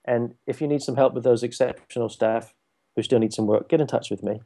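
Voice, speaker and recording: A man's voice: mid-range voice, steady tone, fairly quick, dark tone. A man hosting a podcast, chatting casually in a thoughtful, wry way and often repeating words. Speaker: podcast host. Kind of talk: casual conversation.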